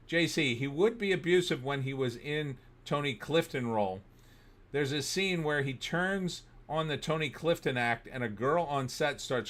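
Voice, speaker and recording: Bright-voiced New man telling stories. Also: mid-range voice. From New Jersey. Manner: animated storyteller, bursts into shouting when riled. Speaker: host. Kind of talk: livestream commentary and reading chat.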